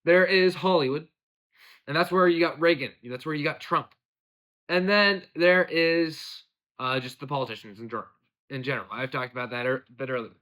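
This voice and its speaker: A man's voice: on the high side, normal speed, bright, forceful tone. A young American man hosting a casual political commentary show, rambling and drifting off on tangents. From United States. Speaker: podcast host.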